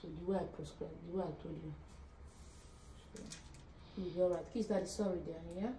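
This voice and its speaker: A woman, working as a nurse, giving calm and firm reassurance and instructions. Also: fairly low pitch, a little fast, distant mic, a little hiss or hum. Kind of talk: casual instructions. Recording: roomy, off-mic.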